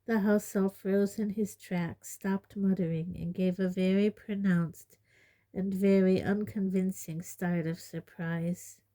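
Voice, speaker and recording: A woman narrating an audiobook in a steady, measured storytelling manner. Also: mid-range voice. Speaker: audiobook reader.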